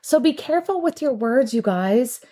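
A high, warm, animated voice moves at a moderate pace. It belongs to a middle-aged podcast host who also owns a salon, telling stories in a casual, rambling, chatty monologue punctuated by frequent laughter.

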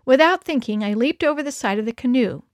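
A woman's voice: high voice, fast, dry recording, studio quality. A woman narrating a children's story, reading expressively. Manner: expressive, lively dialogue. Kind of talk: storybook read-aloud.

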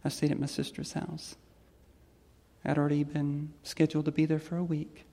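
A trans woman telling a personal story on stage to an audience in a reflective, gentle way. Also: deep voice, little pitch movement, moderate pace, creaky. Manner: reflective and gentle, with soft laughs. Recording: long hall reverb.

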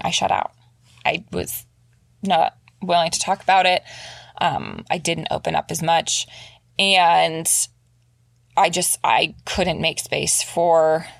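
A young adult woman talking candidly and earnestly about her life in a reflective monologue, pausing often with fillers. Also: lowish voice, vocal fry, dry recording, studio quality.

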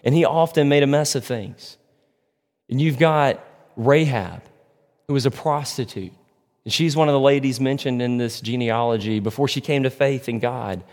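A man preaching a sermon as a pastor, earnest and slowing down to press key points. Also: medium pitch. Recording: long hall reverb.

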